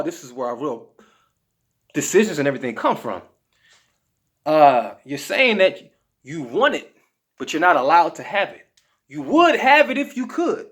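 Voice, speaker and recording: A man's voice: sits high, fairly bright tone. A man giving diet advice to camera in a casual motivational talk, emphatic and slangy, often asking "okay?". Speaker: health vlogger.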